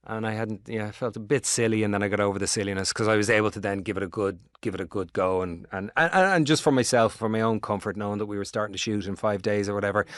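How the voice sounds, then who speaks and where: Irish guy, lowish voice, rambling and swearing a lot, dry close mic. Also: dry recording. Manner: rambling, animated storytelling with swearing. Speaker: actor guest. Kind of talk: casual interview.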